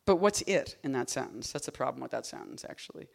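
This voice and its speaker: A woman poet speaks between poems at a reading in a rumbling low, creaky voice, animated and fast. Her casual commentary rambles and cuts itself off, wry throughout, jumping from loud bursts to quiet murmurs.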